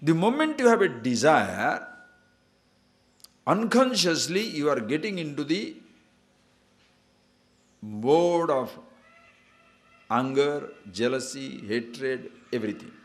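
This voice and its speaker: In a fairly high voice, a man teaches spirituality at a slow pace with frequent pauses. He's animated, laughing at the stories he tells and calling on listeners to see and understand.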